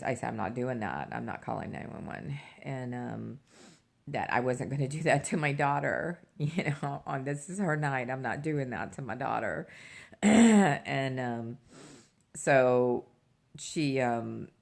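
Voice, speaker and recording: A middle-aged woman with a strikingly deep voice tells a personal story straight to the camera. Her tone carries a gravelly fry, and she talks haltingly, filling gaps with fillers and restarting her sentences. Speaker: vlogger.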